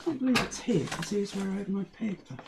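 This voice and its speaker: A woman's voice: mid-range voice, expressive, fairly quick, vocal fry, very noisy. A woman hosting a casual craft tutorial at a cluttered desk, chatting and muttering to herself as she works. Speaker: craft channel host.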